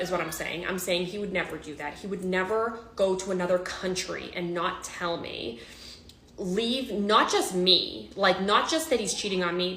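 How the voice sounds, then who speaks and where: A woman's voice: fairly low pitch, a bit bright, roomy sound, slight background noise, rough recording. A woman telling a personal story in a storytime vlog, emotional and repetitive with many restarts.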